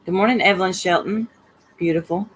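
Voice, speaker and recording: A woman's voice: lowish voice, fairly quick, breathy edge, rough recording. A woman hosting a casual livestream, greeting viewers by name and talking bluntly and heatedly about online drama. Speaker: livestream host reading chat.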